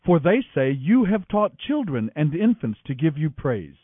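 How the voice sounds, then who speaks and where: A man reading aloud, voicing a calm teacher who speaks in a measured, earnest way. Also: a little high, no room sound. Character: calm adult male teacher, patient and firm. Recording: dry, thin phone-like audio.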